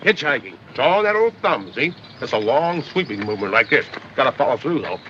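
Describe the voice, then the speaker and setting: A man's voice: medium pitch, sing-song, fairly quick, sharp tone, highs cut off. An actor playing a brash, teasing male reporter in an old 1930s film, heard through a noisy soundtrack. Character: wisecracking cocky male newspaper reporter.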